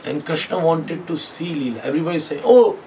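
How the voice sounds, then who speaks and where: High-voiced preacher telling a tale. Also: male voice, fast, a little hiss or hum, poor audio. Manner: animated, acts out voices, laughs, leads chanting. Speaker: spiritual teacher. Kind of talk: devotional storytelling sermon. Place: retreat hall.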